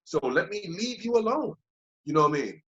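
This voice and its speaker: This man's voice sits high and runs a little fast as he guests on a podcast, speaking as a yoga teacher. Loose, reflective and repetitive, he often checks "you know what I mean" and plays out old thoughts in lively quoted voices. The audio is dull lo-fi podcast quality.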